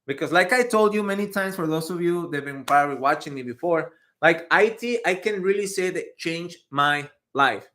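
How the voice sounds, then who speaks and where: Animated bright-voiced man coaching. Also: on the high side, moderate pace, hardly any pauses. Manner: animated, drifts into Spanish slang, answers viewer questions. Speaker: IT career coach. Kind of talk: casual livestream chat.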